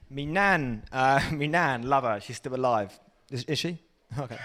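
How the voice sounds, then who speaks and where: A young Englishman doing a stand-up comedy set, excitable, with sudden loud shouty bursts. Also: medium pitch, moderate pace, slight background noise.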